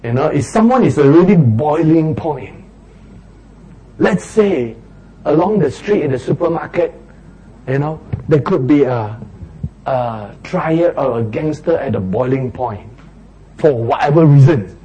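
A man's voice: on the high side, animated, unhurried, mellow, slight background noise, rough recording. A man, preaching a sermon and acting out little street quarrels in raised voices.

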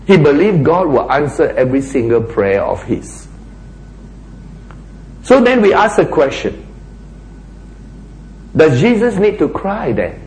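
A man preaching a sermon, asking rhetorical questions and dropping to a hushed voice for emphasis. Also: on the high side, sing-song, a little slow, pauses often, roomy sound, poor audio.

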